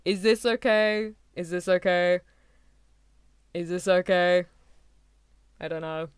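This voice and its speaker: A woman's voice: on the low side, slow, clean tone, dry recording, studio quality. A woman streaming a casual anime watchalong, chatting and giggling with her chat in rambling asides. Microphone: desk mic adjusted mid-stream.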